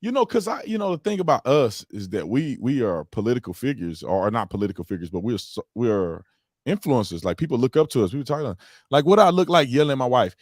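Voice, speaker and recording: Guy hosting a podcast, super lively pitch, dry close sound, acts out what people said. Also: fast, dry recording. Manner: animated storyteller, acts out quotes loudly. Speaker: podcast host. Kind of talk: casual chat.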